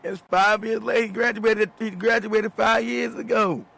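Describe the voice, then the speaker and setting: A man's voice: high-pitched, steady tone, normal speed, gravelly, a bit bright. A middle-aged man hosting a talk show, telling a story casually, often laughing, swearing and repeating words. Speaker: show host.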